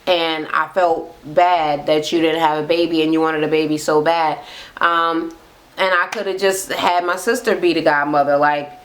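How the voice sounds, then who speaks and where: A woman doing a low, hurt woman scolding a friend. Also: lightly acted.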